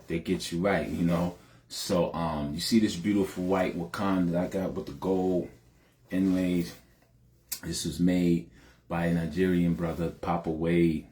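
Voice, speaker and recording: Deep voiced middle aged guy, earnest rambling monologue, warm mellow tone. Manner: earnest, emphatic storytelling with frequent "you know" and "man". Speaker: podcast host. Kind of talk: heartfelt personal monologue.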